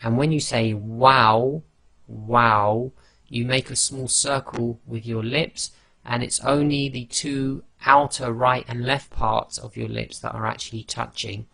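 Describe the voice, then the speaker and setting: Man, teacher, slow deliberate pace, gravelly low rasp, dry close sound, patient demonstrations. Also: fairly even intonation, fairly bright tone, no room sound. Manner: patient, demonstrates each letter sound slowly. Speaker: Quran recitation teacher. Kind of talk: slow instructional explanation.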